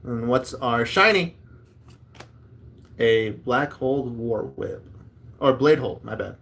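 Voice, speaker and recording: A man's voice: mid-range voice, takes it slowly, fairly bright tone. A man hosting a casual chat while opening card packs, rambling and reading card text aloud.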